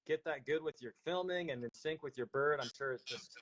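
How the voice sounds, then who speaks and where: A man hosting a podcast in casual interview chat, friendly and relaxed, laughing easily. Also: fairly high pitch, fairly quick, crowd noise, low-quality recording. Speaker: podcast host.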